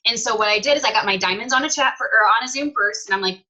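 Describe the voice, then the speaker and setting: A young woman giving an excited, chatty motivational talk to her sales team and acting out the messages she quotes. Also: a little high, fast, rough recording. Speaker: direct sales team leader.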